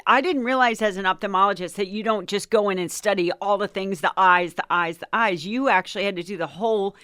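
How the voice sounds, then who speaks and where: A woman's voice: mid-range voice, a little fast, fairly bright tone, dry recording. Amused woman co-host, dry sound. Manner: amused, encouraging listener. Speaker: co-host, interviewer. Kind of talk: casual chat.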